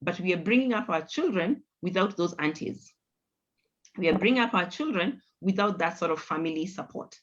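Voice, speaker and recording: A woman's voice: on the low side, expressive, normal speed. A middle-aged woman hosts a conversational panel discussion, speaking in an earnest, reflective way and repeating points for emphasis. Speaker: host. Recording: dull lo-fi audio.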